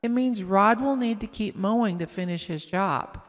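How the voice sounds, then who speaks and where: A woman voicing a kind, patient teenage girl babysitter who explains things gently. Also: medium pitch, normal speed, close to an everyday voice. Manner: gently instructive. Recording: long echoing reverb.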